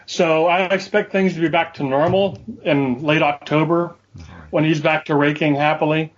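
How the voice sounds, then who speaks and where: A man's voice: a little high, steady tone, moderate pace. A man telling a story to his co-hosts in casual chat, with dry, wry humor. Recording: dull lo-fi audio.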